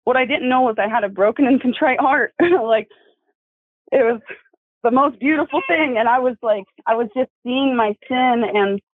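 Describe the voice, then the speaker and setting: A young woman telling her testimony over the phone, tearful and apologetic, talking haltingly and laughing nervously while she soothes her baby. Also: fairly high pitch, no echo. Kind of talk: emotional phone interview. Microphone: phone call. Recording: dry tinny phone line.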